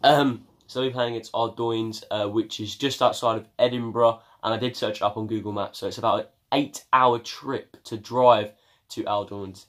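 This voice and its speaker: Chatty young man with low voice. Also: steady tone, normal speed, a bit bright. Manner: chatty, with many ums and uhs. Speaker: football vlogger. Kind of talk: casual video news roundup.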